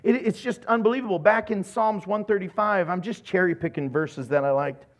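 A middle-aged man, a pastor, preaching a sermon in a lively, playful way, acting out little voices as he retells stories. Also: sits high, brisk. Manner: animated, playful, acts out voices in his retellings.

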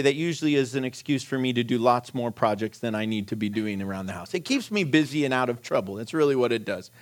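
High, gravelly-voiced man telling a funny story. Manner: animated, self-deprecating, laughs while telling. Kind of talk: humorous personal story in a sermon.

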